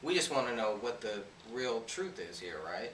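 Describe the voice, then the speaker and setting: A man's voice: medium pitch, big pitch swings, moderate pace, a bit bright. A man co-hosting a casual news chat, laid-back and joking. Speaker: co-host. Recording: echoey room, far from the mic, faint noise.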